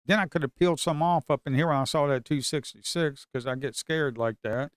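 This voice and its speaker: A man, commenting live on his own futures trades. He swings from shouting at the market to muttering to himself. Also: on the high side, steady tone, a little fast, few pauses, clean tone, dry recording, clean studio sound. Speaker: live trading streamer.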